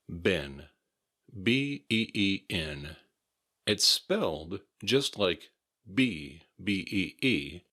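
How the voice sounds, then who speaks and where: A man's voice: low voice, bright, forceful tone. A man with an American accent teaching English pronunciation, repeating words carefully and spelling them out letter by letter. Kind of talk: slow, careful pronunciation drills.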